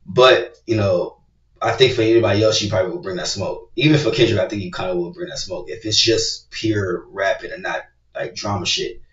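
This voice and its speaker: A man hosting a casual reaction video, talking loosely and cursing, repeating "bro, come on" as he gets excited. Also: low-pitched, a little fast, far from the mic. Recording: roomy, dull sound from away from the mic.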